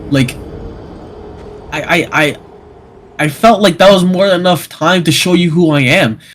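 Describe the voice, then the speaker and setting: A man's voice: high voice, measured pace, fairly bright tone, a little hiss or hum. A young man telling an emotional story in casual chat, rambling with many restarts and stammers.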